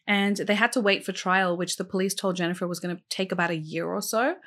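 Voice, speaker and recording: A woman talks fast in a lowish, steady, fairly bright voice. On her true crime podcast she tells the case casually, with plenty of "like" and "um," and asks listeners questions directly.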